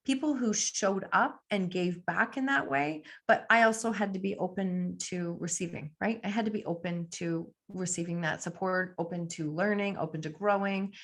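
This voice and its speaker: Earnest woman guest with some vocal fry, reflective casual interview delivery. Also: fairly low pitch, normal speed, few pauses, a bit bright. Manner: earnest, reflective, frequent "like" fillers. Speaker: podcast guest.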